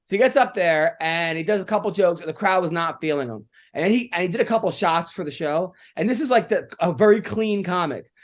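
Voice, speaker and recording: A man with a noticeably high voice chats casually as a podcast co-host. He rambles through his stories, leaning hard on "like" and restarting his sentences. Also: brisk, few pauses. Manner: rambling storyteller, many "like" fillers. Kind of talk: casual chat.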